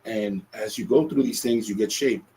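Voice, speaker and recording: A man's voice: fairly low pitch, moderate pace, mellow, a little hiss or hum, low-quality recording. A man hosting a solo podcast, talking earnestly and reflectively, often restarting his phrases. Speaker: podcast host.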